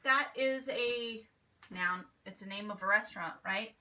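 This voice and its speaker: A woman's voice: mid-range voice, unhurried, bright, forceful tone. A woman teaching a grammar lesson to her children at home, patiently explaining with examples and checking in with "right?". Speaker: homeschool teacher. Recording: distant mic with faint noise.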